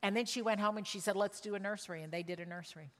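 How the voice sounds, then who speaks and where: A woman preaching a sermon, telling a story with emotion and shifting from loud cries to hushed words. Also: mid-range voice, rapid-fire, big-room sound. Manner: emotional, swings from loud exclamations to hushed tones.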